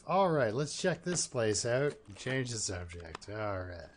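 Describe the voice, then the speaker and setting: A man's voice: fairly low pitch, very animated, a little slow, few pauses. A man with a Canadian accent giving chatty, rambling gameplay commentary as a streamer, talking to his chat and to himself.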